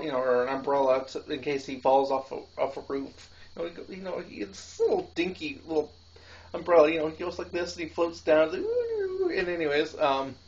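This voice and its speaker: A man hosting a casual film-review show, rambling with lots of fillers and restarts and laughing between thoughts. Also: on the high side. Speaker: podcast host reviewing films. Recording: dull lo-fi home recording.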